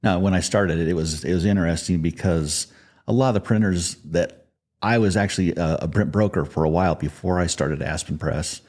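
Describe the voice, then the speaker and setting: A middle-aged man speaks in an interview with a deep, mellow voice. He talks in a relaxed, plainspoken way and plays down his own success. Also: a little fast. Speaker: podcast guest, business founder. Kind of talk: conversational interview.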